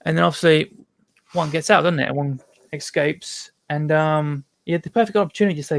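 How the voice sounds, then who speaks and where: A man's voice: on the high side, steady tone, a little fast, gravelly, a bit bright, no echo. A man, a podcast guest, telling casual stories full of ums and restarts. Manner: rambling storytelling with many ums. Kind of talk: casual chat.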